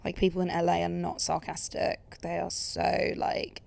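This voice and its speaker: A woman's voice: lowish voice, completely flat delivery, moderate pace, vocal fry, a little mellow. A young woman from England with an Essex accent, chatting casually as a podcast guest, full of "like" and sarcastic asides. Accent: English, Essex.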